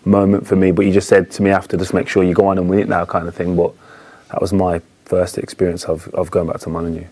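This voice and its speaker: A man chatting casually as a studio football pundit, relaxed and anecdotal with frequent fillers. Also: sits low, fast talker.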